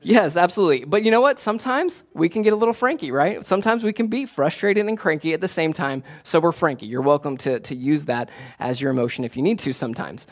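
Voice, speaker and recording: Conversational pastor man, slightly high. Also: fast talker, few pauses. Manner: conversational, repeats key phrases, animated when telling a story. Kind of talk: sermon.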